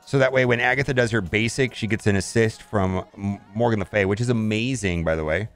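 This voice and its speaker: A man's voice: on the low side, brisk, faint music behind. A man casually commenting on a mobile game as he plays, thinking aloud and often saying "all right".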